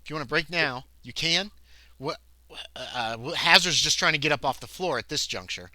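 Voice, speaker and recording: A man running a tabletop horror game as game master, chatty and loose, now and then shouting out quick character lines. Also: fairly high pitch, expressive, no room sound. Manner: chatty, breaks into loud shouted character voices.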